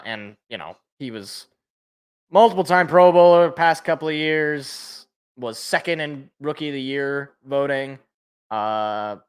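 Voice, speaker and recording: A man's voice: mid-range voice, fairly bright tone, clear, resonant tone. A young man giving casual fan play-by-play and reaction, rambling and correcting himself, with joking asides. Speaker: fan podcast co-host.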